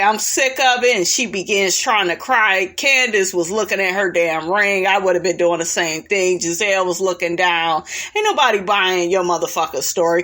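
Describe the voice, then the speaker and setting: A woman with a mid-pitched voice doing a casual reality TV recap. She is blunt and sassy and swears freely, talking back at the people she describes. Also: bright, forceful tone.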